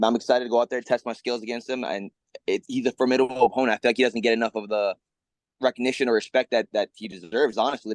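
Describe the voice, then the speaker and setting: A man, a fighter, talking excitedly on a press call, swearing and stumbling over repeated words. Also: fairly low pitch, no room sound. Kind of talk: casual press call talk.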